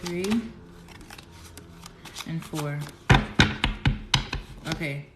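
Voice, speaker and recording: A woman giving a casual tarot reading to camera, who swings from low murmuring to squealing excitement and swearing. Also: drawn-out words, over loud music. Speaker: tarot reader. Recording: roomy echo, faint background noise.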